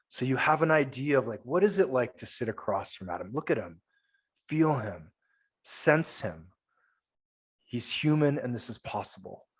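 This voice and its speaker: A man, a men's coach and podcast guest, speaking earnestly and emphatically in casual conversation, with lots of coaching-style repetition. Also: mid-range voice.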